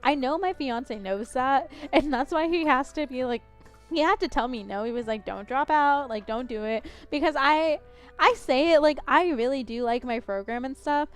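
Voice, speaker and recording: A woman's voice: high-pitched, normal speed, soft background music. A woman in her twenties chatting casually while playing a game, rambling, counting aloud and poking fun at herself. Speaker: gaming streamer.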